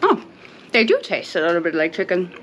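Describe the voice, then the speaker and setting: A woman's voice: fairly low pitch, very animated, a little fast, lo-fi sound, background noise. A young woman co-hosting a casual vlog, chatty and playful as she tastes snacks and gives them ratings. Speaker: vlog co-host.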